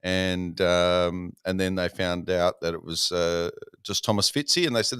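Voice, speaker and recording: A man's voice: sits low, steady tone, a little slow, hardly any pauses, fairly bright tone, smooth. A man co-hosting a live stream, teasing and joking with the others. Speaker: co-host.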